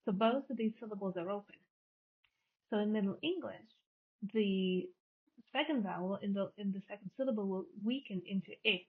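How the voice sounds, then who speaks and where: A woman's voice: mid-range voice, moderate pace, breathy edge. Female lecturer, patient explainer who restates each term; narrow phone-like recording. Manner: explanatory, repeats and rephrases terms. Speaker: linguistics lecturer. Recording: tinny phone-like audio.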